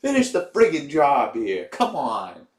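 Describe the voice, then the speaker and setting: A man's voice: mid-range voice, wildly swooping pitch, unhurried. A young man hosting a live stream, chatting casually, cheering and teasing his viewers. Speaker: livestream host.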